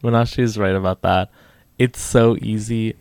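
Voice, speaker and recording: A man's voice: on the low side, fairly even intonation, moderate pace, a little mellow, no echo. A man from the United States, a guest on a podcast, chatting thoughtfully with lots of "like". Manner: thoughtful, filler-heavy, a lot of "like". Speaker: podcast guest, English teaching fellow. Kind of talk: casual chat.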